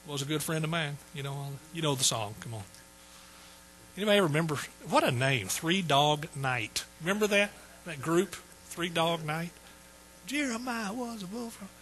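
A man's voice: a little high, expressive, normal speed, a bit bright, a little hiss or hum, poor audio. A man preaching a sermon in a folksy, joking way. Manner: folksy, joking asides to the congregation. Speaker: pastor.

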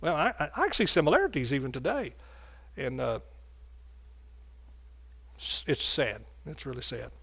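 A man's voice: medium pitch, very animated, normal speed, gravelly, pauses often, a bit bright, slightly rough. A man preaching a sermon in a folksy, joking way.

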